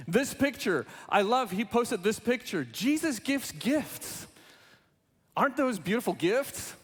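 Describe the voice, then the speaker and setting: A man's voice: sits high, in a large hall. A man preaching a sermon as a pastor, reading scripture and then talking playfully with the congregation in a large church. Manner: animated, playful, invites the congregation to join in.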